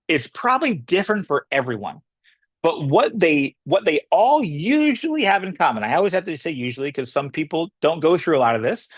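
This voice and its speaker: A man's voice: fairly high pitch, a bit bright, dry recording. A man giving a motivational business talk, casual and conversational, repeating phrases and acting out other people's reactions. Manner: conversational, repeats himself, acts out quoted reactions. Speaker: motivational speaker.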